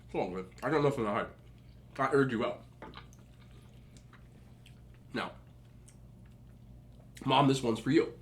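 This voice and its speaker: A young adult man tells chatty stories casually as he eats on a mukbang vlog, talking with his mouth full. His voice is of medium pitch at a normal speed.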